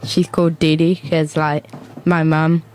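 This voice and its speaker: Brief: young New Zealand girl, low and quiet, trails off. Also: flat delivery, unhurried, rough recording.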